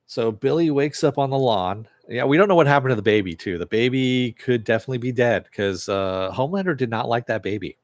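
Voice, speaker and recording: A man casually recapping a TV episode scene by scene, acting out the characters' lines with lots of "he goes" and swearing freely when excited. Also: medium pitch, fairly quick, few pauses, no room sound. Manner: excitable and profane. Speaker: TV episode reviewer.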